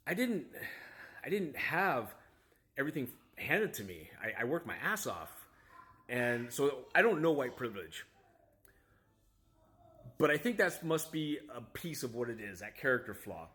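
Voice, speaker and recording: A man's voice: mid-range voice, sing-song, normal speed, pauses often, a bit bright. A man, a father, casually telling a story to camera in a rambling, self-critical way, full of restarts and asides. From United States. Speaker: vlogger, father.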